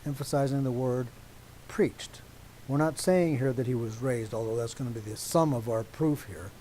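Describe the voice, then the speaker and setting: A man preaching a teaching sermon to a congregation, deliberate and emphatic, stopping often to check that his listeners agree. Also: medium pitch, warm tone, slight background noise, poor audio.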